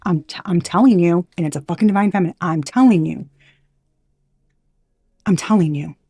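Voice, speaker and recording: A low, gravelly woman's voice with a husky edge, fired up and swearing freely as she gives a casual tarot reading. She is blunt, trails off and restarts often, and is recorded close and dry with no room sound. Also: normal speed, warm tone, no echo. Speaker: intuitive tarot reader.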